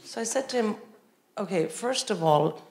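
A woman in her forties, from India, doing animated stand-up comedy on a concert hall stage, acting out voices and bursting into shouts. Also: medium pitch, normal speed. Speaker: comedian and co-host. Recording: roomy live hall with crowd and noise.

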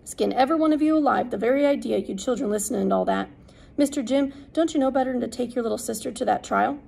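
A woman's voice: fairly high pitch, fast talker, creaky, dark tone, slightly rough, full character voice, rough recording. A woman voicing a stern, indignant housekeeper who scolds the children. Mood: scolding.

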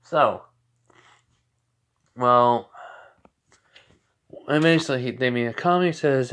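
A man's voice: mid-range voice, slow pace, long pauses, a bit bright. Young man storyteller, rambly, keeps restarting himself, casual tone. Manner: rambling, many fillers and restarts. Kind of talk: casual fan story retelling.

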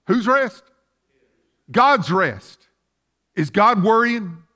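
A man's voice: high-pitched, lively intonation, drawn-out words, pushed and bright. A man preaching a sermon as pastor, asking fervent rhetorical questions.

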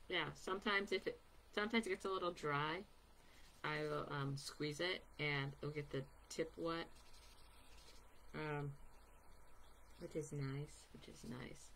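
A woman's voice: low-pitched, fairly even intonation, measured pace, pauses often, fairly bright tone, slight background noise. A woman giving a casual live painting demonstration, chatty and rambling with many ums, recorded at her table at home. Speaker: artist giving a painting demo.

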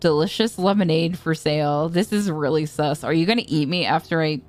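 A woman's voice: sits low, brisk. A young woman streamer chatting casually, telling rambling stories full of swearing. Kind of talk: casual chat.

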